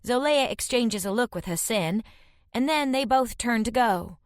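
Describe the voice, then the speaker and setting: A woman narrating a fantasy romance audiobook in first person, reading tensely and dramatically, voicing shouted dialogue. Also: fairly high pitch, expressive, a little slow, no echo, clean studio sound.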